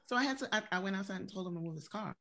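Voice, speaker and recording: A woman's voice: mid-range voice, animated, rapid-fire, a crowd in the background. A woman with a New Orleans accent, co-hosting a podcast and telling blunt, profane stories in casual chat. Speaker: podcast co-host.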